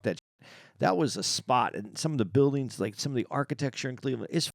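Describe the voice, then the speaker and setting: A man's voice: medium pitch, lively intonation, fast talker, creaky, dry recording. A man co-hosting a comedy podcast who rambles, stammers through restarts and pokes fun at himself, close on a studio mic. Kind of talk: casual comedic banter.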